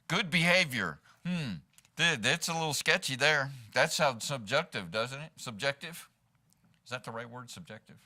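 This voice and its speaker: Speaking from a church sanctuary, this man preaches as pastor in a mid-range, sharp-toned voice. He talks to the congregation conversationally and sprinkles in frequent rhetorical "right?"s.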